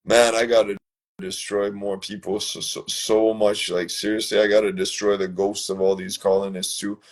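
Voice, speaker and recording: A man's voice: on the low side, normal speed. A man hosting a casual talk show from his own room, telling a rambling story with plenty of swearing. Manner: rambling, profane, animated storytelling. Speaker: show host.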